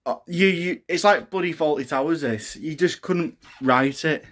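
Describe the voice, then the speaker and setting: In a medium-pitched voice at a normal speed, a young new dad vents in a casual video diary. He sounds exhausted and low on energy, frustrated over the hospital care.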